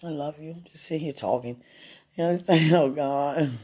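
A woman in a casual, rambling monologue, playful and laughing often, swinging from loud bursts to soft murmurs. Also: low-pitched, moderate pace, husky.

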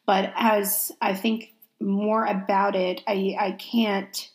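A woman's voice: mid-range voice, level tone, takes it slowly. A young adult woman telling a personal story in a casual, reflective way, often restarting and adding "you know" as she thinks aloud. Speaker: vlogger sharing a personal story.

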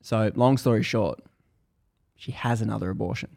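A man's voice: fairly low pitch, moderate pace, gravelly, darkish tone. A man hosting a podcast, casually retelling a book's story in a loose, rambling way with many restarts.

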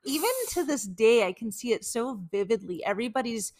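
A young woman with a fairly high voice chats casually as a podcast co-host. She tells animated stories, fills them with "like" and breaks into laughter. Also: fairly quick. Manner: animated storytelling, lots of "like" and laughing. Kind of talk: casual chat.

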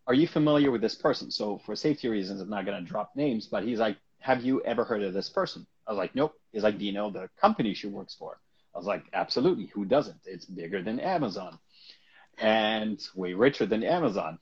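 A man's voice: fairly low pitch, expressive, brisk, husky. A man, an actor, telling a story as a guest in a casual interview, laughing often and acting out the people he quotes. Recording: dull lo-fi recording.

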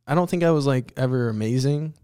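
A man's voice: medium pitch, fairly quick, a little mellow, smooth, dry recording, clean studio sound. A young man hosting a podcast, joking around in slangy banter. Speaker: podcast host. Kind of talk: casual chat.

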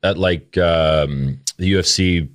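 Deep-voiced man explaining fight technique. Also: slow pace. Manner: explains at length, fills talk with "like". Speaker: podcast co-host. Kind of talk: casual chat about fighting technique.

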